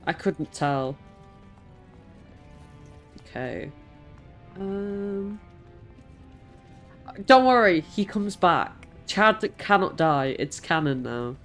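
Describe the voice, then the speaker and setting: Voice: medium pitch, expressive, very slow, long pauses, fairly bright tone, soft background music. A streamer talking through a game, chatty and exasperated, swearing and laughing at it. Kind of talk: live game stream commentary.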